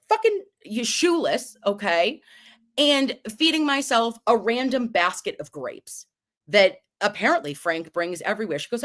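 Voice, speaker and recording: A woman hosting a casual livestream recap, telling a story in an animated way and swearing often. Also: on the high side. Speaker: livestream host.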